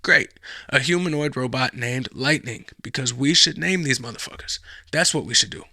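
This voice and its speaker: A man's voice: medium pitch, normal speed, gravelly, pushed and bright, no echo, clean studio sound. A man hosting a podcast, rambling casually through a profane monologue with sarcastic asides. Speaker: podcast host.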